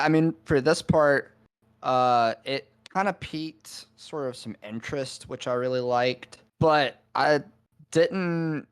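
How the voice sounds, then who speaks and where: Guy on a movie podcast, smooth clear voice, mid pitch, lots of ums while he sums up the plot. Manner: hesitant, lots of ums and uhs. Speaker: podcast co-host reviewing a film. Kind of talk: casual chat.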